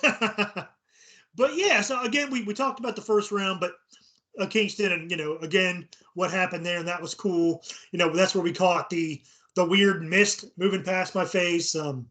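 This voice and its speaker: A man's voice: sits high, fairly even intonation, moderate pace, pushed and bright. A middle-aged man co-hosting a casual chat about paranormal investigations, laid-back and joking. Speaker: podcast co-host.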